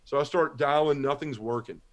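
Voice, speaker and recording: Guy telling his conversion story, gets choked up and stumbles over words, mid pitch. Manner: halting, repeats words when moved. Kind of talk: emotional personal testimony.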